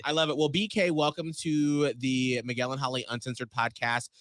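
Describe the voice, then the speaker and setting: A man's voice: mid-range voice, level tone, fairly quick, crowd noise. A man hosting a podcast, bubbly and playful, speaking into a studio microphone. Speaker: podcast host. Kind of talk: casual chat.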